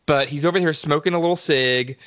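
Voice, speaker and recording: A man's voice: fairly high pitch, brisk, fairly bright tone, no echo. Man, podcast co-host, sarcastic, rambling, swears, dry close mic. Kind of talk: casual movie recap chat.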